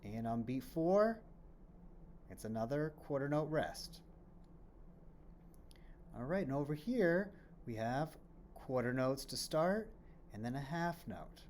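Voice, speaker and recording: A man's voice: medium pitch, sing-song, slow pace, long pauses, darkish tone, a little hiss or hum. A man teaching a children's music lesson on rhythms, explaining patiently, asking questions and then answering them, and chanting rhythm syllables as he claps.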